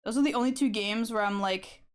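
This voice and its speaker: Giggly young woman streamer, smooth voice. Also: fairly high pitch, a little fast. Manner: giggly, rambling, frequent laughter and swearing. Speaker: art streamer. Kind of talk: casual stream chat while drawing.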